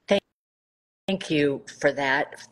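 A middle-aged nonprofit founder from South Carolina shares her story on an Instagram live call, her low voice moving slowly through a low-quality recording. She speaks warmly and from the heart, with emphatic swells.

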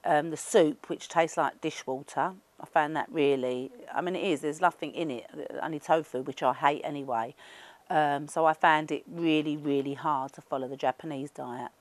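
A woman's voice: low-pitched, steady tone, moderate pace, no echo. A middle-aged woman with a Cockney accent, chatting casually and rambling with lots of fillers as an interviewee. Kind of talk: casual chat.

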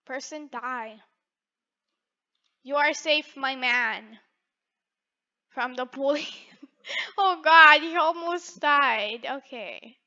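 A woman's voice: high-pitched, extremely slow, pauses often, pushed and bright, highs cut off. A woman giving playful, teasing gameplay commentary with frequent giggles. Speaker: gaming video creator.

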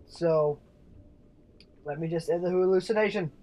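A man's voice: on the high side, normal speed, mellow, rough recording. A young man hosting a gaming video, giving playful, goofy commentary that drifts into sing-song. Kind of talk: casual game commentary.

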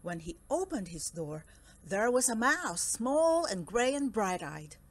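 Storybook reader: a woman with a slightly high voice and an unhurried pace. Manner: slow, expressive storytelling. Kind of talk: children's book read-aloud.

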